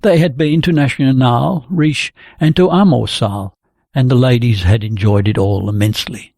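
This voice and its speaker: A male narrator reads a novel in a measured, steady way, his voice gravelly with a husky edge. The recording is close and dry, with no room echo. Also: medium pitch. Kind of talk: audiobook reading.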